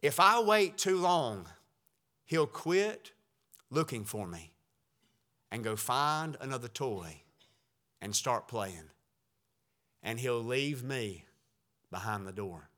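Male pastor, sermon delivery, slow and ringing, swells and hushes. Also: mid-range voice.

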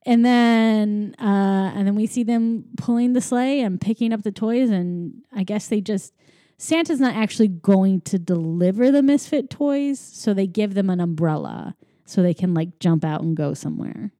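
Rambling sarcastic woman, dark dry voice. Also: mid-range voice, moderate pace, no room sound. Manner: rambling, sarcastic, many fillers. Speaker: podcast co-host. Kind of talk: casual chat recapping a movie.

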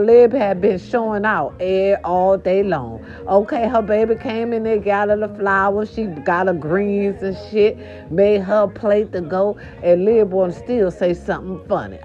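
A woman vlogger telling a chatty story to her viewers, animated and sassy, calling them "baby". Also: medium pitch. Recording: dull lo-fi sound with faint music behind. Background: faint music.

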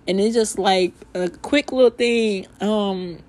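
A woman's voice: mid-range voice, slow, darkish tone. A young woman hosting a faith podcast, speaking emotionally and close to tears, filling her talk with "like" and closing in spoken prayer. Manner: heartfelt, repetitive "like", ends in spoken prayer. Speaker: podcast host.

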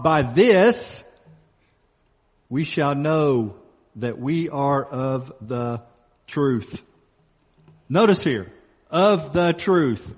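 Somewhat muffled and heavy with long reverb, the recording captures a pastor preaching in what sounds like a church hall. His voice is slightly high, and he drives points home emphatically by slowing down and repeating key phrases.

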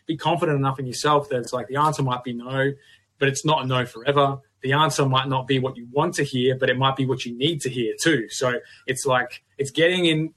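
A man's voice: mid-range voice, a bit bright. A young adult man with an Australian accent, a podcast guest talking in a reflective, rambling way with many restarts. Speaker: podcast guest, gym owner. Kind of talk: casual conversation.

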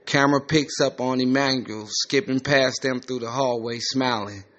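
A man's voice: mid-range voice, fairly even intonation, normal speed, a bit bright. A man reading a screenplay aloud, with plain, matter-of-fact stage directions, on a slightly muffled lo-fi recording. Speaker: script reader.

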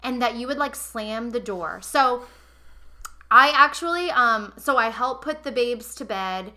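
A young woman hosting a podcast, telling a personal story in an animated, emotional way and speaking straight to her listeners. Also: on the high side, measured pace. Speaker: podcast host. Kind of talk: casual confessional storytelling.

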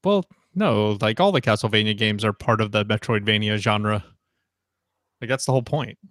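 A man's voice: fairly low pitch, moderate pace, fairly bright tone, no room sound, studio quality. A man in his thirties chatting casually on a podcast, rambling with lots of fillers. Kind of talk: casual chat.

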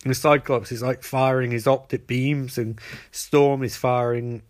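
A man's voice: medium pitch, steady tone, a little slow. Rambling man recapping a show. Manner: rambling, filler-heavy.

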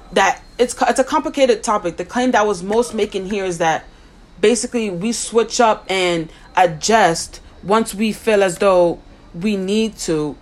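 A young woman giving a personal talk, earnest and thinking aloud, often restarting her sentences. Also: mid-range voice. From United States. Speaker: speaker sharing a personal view.

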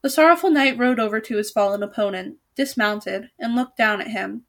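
A woman reading a storybook aloud with a fairly high voice. She keeps it relaxed and unpolished, correcting her slips as she goes. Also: a little fast. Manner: casual asides, self-corrections. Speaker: storybook reader. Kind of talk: reading a children's novel aloud.

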